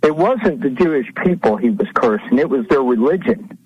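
A man's voice: mid-range voice, expressive, normal speed, darkish tone, highs cut off, a little hiss or hum. A man calling in to a radio show, rambling a little, repeating his words and chuckling now and then. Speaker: radio caller. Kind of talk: casual call-in talk.

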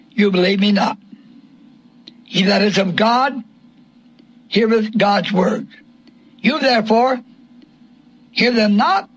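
A man's voice: high-pitched, husky, low-quality recording. A man preaching a sermon, asking rhetorical questions and quoting scripture in old King James wording.

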